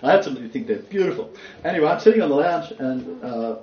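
A man preaching an informal sermon, rambling and halting with chuckling asides. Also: a little high, expressive, darkish tone. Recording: roomy, dull church recording.

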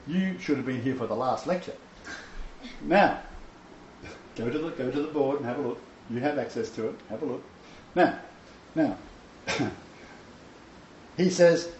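A man's voice: on the high side, animated, moderate pace, long pauses, darkish tone, roomy sound, lo-fi sound, slight background noise. A man teaching a Bible lecture to a small seated audience, emphatic and joking, with chuckling asides. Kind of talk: informal sermon lecture.

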